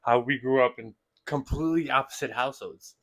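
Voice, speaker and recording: A man's voice: mid-range voice, a little fast, a bit bright, no room sound. A young man co-hosting a podcast, chatting casually, laughing often and retelling stories with acted-out quotes. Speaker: podcast co-host. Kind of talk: casual chat.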